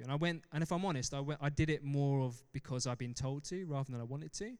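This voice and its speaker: A young man preaching a sermon with an animated, joking manner, often laughing at himself. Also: medium pitch, fast talker, clear, resonant tone. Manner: animated, laughs often, self-deprecating asides. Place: church hall. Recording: long reverb of a large hall.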